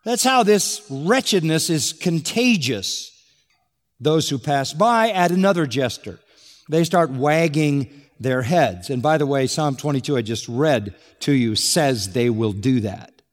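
Guy preaching a sermon, bit high voice, hits his points hard, big echoey hall. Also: lively intonation, unhurried. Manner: emphatic, rising to exclamation on key points. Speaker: pastor. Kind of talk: expository sermon.

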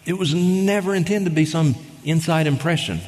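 A guest preacher's fairly high, slightly mellow voice moves at a moderate pace, with a little hiss or hum in the recording. Preaching in a church sanctuary that echoes like a large hall, he reads scripture and presses his arguments forcefully.

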